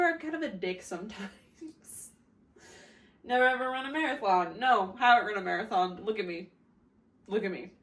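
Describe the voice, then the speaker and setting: A drunk young woman from the United States chatting casually in a vlog, rambling, swearing and laughing at herself. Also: medium pitch. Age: young adult. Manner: rambling, laughing, crude and self-mocking. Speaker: vlogger.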